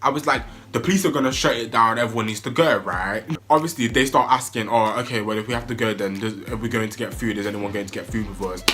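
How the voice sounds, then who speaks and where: A young man, telling a wild story in an excitable, animated way that jumps into high yelps. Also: fast, hardly any pauses. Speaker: vlogger. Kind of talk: storytime vlog.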